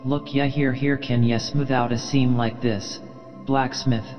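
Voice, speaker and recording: Man voicing an obsessed old sea captain, imperious, intense, slow and heavy delivery, long reverb. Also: medium pitch, little pitch movement, a little mellow, soft background music, natural voice. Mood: passionate. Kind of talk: audiobook reading.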